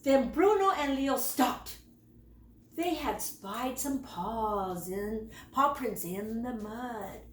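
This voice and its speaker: A woman teacher reading a children's storybook aloud in an expressive, slow storytelling manner. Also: a little high, recorded from a distance, a little hiss or hum. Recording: roomy, away from the mic.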